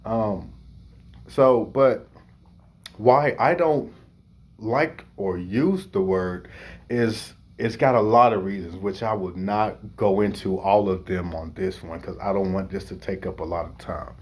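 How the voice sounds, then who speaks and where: A young man with a low, husky voice talks at an unhurried pace. He tells a personal story in a rambling, heartfelt way, full of restarts and fillers, the way a music review host opens up to his viewers. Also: a little mellow.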